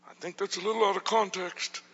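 Man, pastor, animated storytelling sermon, very bright tone, long hall reverb. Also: sits high, quick pace, highs cut off, a little hiss or hum. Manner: animated, acts out quotes with shouts and whispers.

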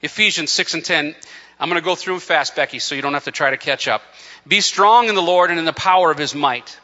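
A man's voice: a little high, fast, lo-fi sound. Impassioned preacher man in an echoing hall. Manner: impassioned, rising to near-shouting, stumbles and restarts. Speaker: pastor. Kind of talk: sermon.

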